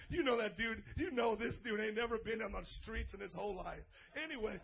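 A man preaching a lively sermon as a pastor, playful, calling for responses and acting out little scenes. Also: high voice, fairly quick, vocal fry, few pauses, slightly rough. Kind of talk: energetic sermon to youth. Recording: dull lo-fi recording.

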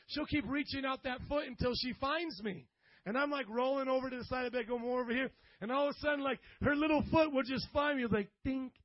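High-pitched pastor guy preaching, jokey and animated, kinda dull dry sound. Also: no echo. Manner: animated, jokes with the congregation, rises to loud bursts. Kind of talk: sermon.

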